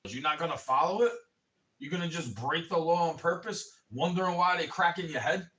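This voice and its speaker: A man with a somewhat high voice rants through a rambling, profane livestream monologue and keeps calling his listener bro. His anger rises into loud bursts. He sits a bit back from the microphone, so the sound sits at a small distance. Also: a little fast. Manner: angry, rising to shouting in bursts. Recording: voice a bit far from the mic.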